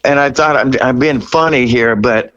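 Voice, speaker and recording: A man in his sixties, a rock singer guest, telling stories in an interview with animated energy, laughing and acting out what people said. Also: medium pitch, normal speed, muffled recording. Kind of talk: storytelling interview.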